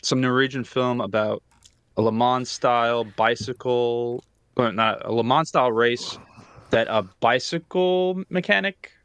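A man's voice: medium pitch, unhurried, fairly bright tone, clear, resonant tone, dry recording. A man co-hosting a podcast, explaining at length with many fillers in casual chat. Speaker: podcast co-host.

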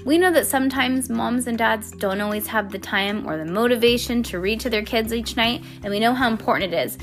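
A woman's voice: fairly high pitch, fairly quick, few pauses, soft background music. A young adult woman hosting a podcast, reading a children's storybook aloud with playful asides.

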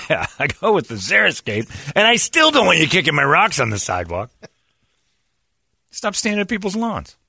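Man, host, bright tone, lively pitch, joking, laughs a lot, dry close mic. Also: moderate pace, vocal fry, slightly rough, no echo. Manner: rambling, joking, laughs often. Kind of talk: casual chat.

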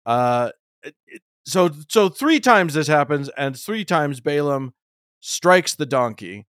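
Animated man telling a story. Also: a little high, slow pace, no room sound, clean studio sound. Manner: animated, joking storyteller with fillers. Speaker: podcast host. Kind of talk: casual bible discussion.

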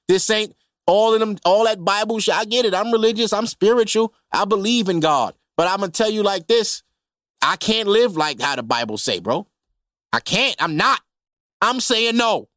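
Man, podcast host, high-pitched, casual rant, heavy slang, cursing, animated, dry recording. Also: normal speed, no echo.

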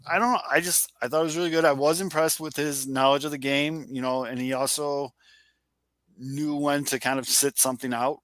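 A man's voice: fairly high pitch, fairly even intonation, a little fast, fairly bright tone, dry recording. A man co-hosting a sports podcast, telling stories animatedly and swearing casually. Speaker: podcast co-host.

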